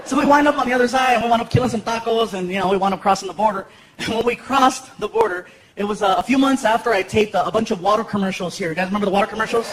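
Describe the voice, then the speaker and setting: A stand-up comedian from Los Angeles telling stories in an animated way and acting out characters with loud shouts. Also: male voice, sits high, rapid-fire, slight background noise. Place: large comedy venue. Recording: live stage mic with loud roaring crowd. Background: loud audience laughter and applause.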